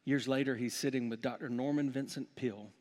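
A man preaching a sermon as pastor, building to loud emphatic peaks and then dropping to a hushed, quiet tone. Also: medium pitch, steady tone, a little fast.

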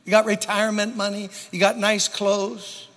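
A man preaching a sermon to a church congregation, with dramatic pauses and emphatic repetition. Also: high-pitched, monotone, a bit bright. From New York. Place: church sanctuary. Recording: long hall reverb.

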